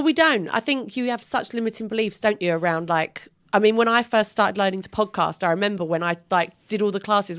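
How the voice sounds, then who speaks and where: A woman in her thirties hosting a podcast, chatting frankly and swearing casually. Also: lowish voice. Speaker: podcast host.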